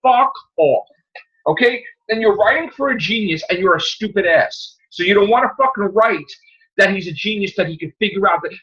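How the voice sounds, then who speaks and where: A man rants about a film in a heated, profane tirade. His voice sits high and swings wildly in pitch, with a bright, forceful edge. The recording sounds dull and lo-fi. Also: animated, a little fast. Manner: profane, heated ranting with mocking impressions. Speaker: podcast host. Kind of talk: angry movie rant.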